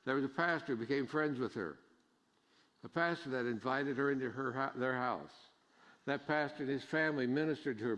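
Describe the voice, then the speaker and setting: A middle-aged pastor with a mid-range, fairly bright voice preaches a sermon in a church sanctuary, folksy and joking before rising to emphatic preaching. Long church reverb hangs on the recording.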